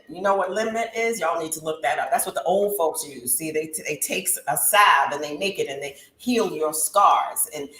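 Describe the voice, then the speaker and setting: Lady in her 30s preaching her story in an interview, kinda low voice, roomy echo. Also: fairly bright tone. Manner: impassioned, preacher-like cadence. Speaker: guest talk show host. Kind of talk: emotional testimony in interview. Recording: roomy echo with faint background hiss.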